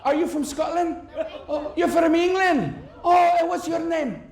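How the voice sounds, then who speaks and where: A man's voice: very high voice, a little slow, creaky. A man doing stand-up crowd work on stage, teasing audience members and laughing along as he goes. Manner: teasing, animated, bursts of laughter. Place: large cruise ship theater. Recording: roomy live theater with crowd.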